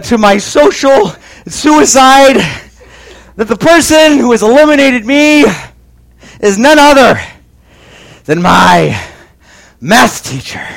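A man with a strikingly high voice tells a funny story to a crowd, leaning hard into exaggeration and comic timing. His delivery is lively and theatrical, like a speaker warming up an audience before the point lands. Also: vocal fry.

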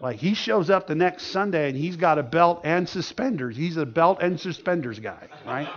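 A man preaching a sermon as pastor, telling a story in an animated way with laughter in it. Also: fairly high pitch, normal speed. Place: church. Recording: dull lo-fi sound.

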